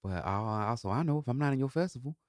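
A man hosting a podcast in a laid-back, rambling solo talk, swearing freely and breaking into high laughs. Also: lively intonation, fast, no room sound, studio quality. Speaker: podcast host. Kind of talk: casual solo monologue.

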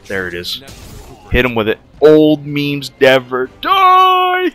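A man giving excited, jokey commentary as he plays a video game, swearing, yelling and chanting through the fights. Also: fairly high pitch, measured pace, soft background music. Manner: loud, jokey, swears a lot, yells and chants during fights. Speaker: gaming streamer.

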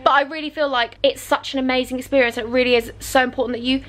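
A woman's voice: high voice, fairly even intonation, fast, a bit bright. A young woman in her twenties, vlogging from a bridal shop in a gushing, emotional way. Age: 20s. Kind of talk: excited chatty vlog.

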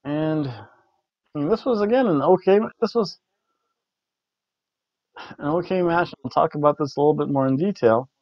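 Rating wrestling matches with food jokes, this podcast co-host rambles and repeats words in a casual event review. He has a fairly high, slightly mellow voice, a moderate pace, and frequent pauses, captured in a dull, dry, lo-fi recording.

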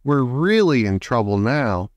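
Male reader playing a cautious storybook boy, anxious and grumbly, slow, dry sound. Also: medium pitch, very animated, no room sound. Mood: worried. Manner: anxious, grumbling, then urgent yelling. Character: cautious bookish young boy, easily worried.

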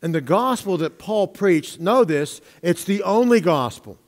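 A man preaches from the pulpit, high in pitch and leaning hard on his stressed words. He mixes plain teaching with light humorous asides. The long echo of the church hall trails behind each phrase. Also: lively intonation, unhurried. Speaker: pastor. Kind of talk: sermon. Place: church sanctuary.

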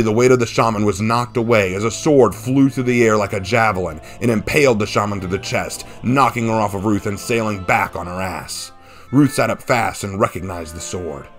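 A man narrating a fan-written action story in a steady, dramatic reading. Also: fairly low pitch, normal speed. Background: faint background music.

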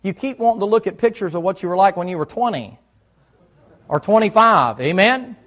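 A man's voice: high-pitched, expressive, brisk, a bit bright. A middle-aged man, preaching a folksy sermon in church and quizzing his listeners. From United States South. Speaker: pastor.

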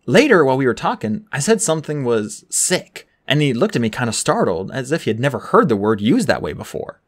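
Lively audiobook reader, pitch bouncing all over, doing voices for everyone. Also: a little fast. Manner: animated, voices every character. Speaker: audiobook narrator. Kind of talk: first-person novel reading.

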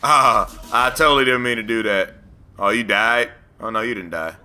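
Bright, joking man narrating gameplay. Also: medium pitch, moderate pace, clean tone. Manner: rambling, teasing, talks back to the game. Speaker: let's play host.

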